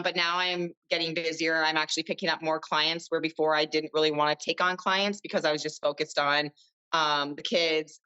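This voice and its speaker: A woman's voice: low voice, pushed and bright, clear, resonant tone, dull audio. A woman in her thirties, a podcast guest chatting casually and rambling with lots of fillers. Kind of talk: casual chat.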